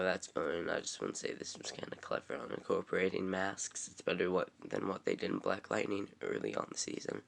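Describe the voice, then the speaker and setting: Low gravelly young man recapping casually. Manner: rambling, filler-heavy, offhand. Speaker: TV episode reviewer.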